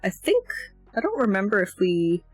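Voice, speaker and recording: A woman's voice: medium pitch, huge pitch swings, moderate pace, husky, no echo. Tired rambly woman chatting thru a lesson, dry close sound, faint music under. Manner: rambling, hesitant, self-deprecating. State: yawning, tired. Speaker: language learner streamer. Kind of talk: casual lesson walkthrough.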